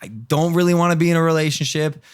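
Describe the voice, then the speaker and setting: A man in his twenties, a podcast co-host, telling a story in casual chat, animated and laughing, loudly acting out the people in it. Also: on the high side, quick pace, clean tone, no room sound, clean studio sound.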